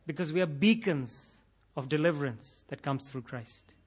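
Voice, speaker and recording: A male preacher with a fairly high voice delivers a sermon. He builds to intense, impassioned emphasis and repeats phrases to drive them home. Now and then he acts out imagined prayers in a quoted voice. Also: lively intonation, normal speed, husky. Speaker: pastor.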